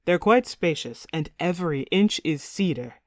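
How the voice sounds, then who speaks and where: A woman voicing an earnest, nervous young prince in an audiobook, speaking in a measured, gentle way. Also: on the low side, expressive, no room sound, clean studio sound, natural voice. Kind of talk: audiobook character reading.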